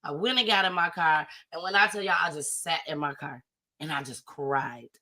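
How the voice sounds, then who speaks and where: A woman guest tells a story during a casual live-stream chat, acting out her own panicked cries. Her voice is low and sharp in tone, at a normal speed.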